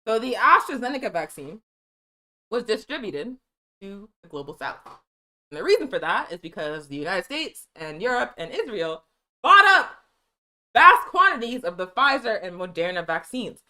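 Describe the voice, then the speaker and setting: Bright-voiced woman reading and ranting news. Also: medium pitch. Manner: angry, profane ranting; reads articles aloud then comments. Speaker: news show host. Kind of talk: political commentary reading news.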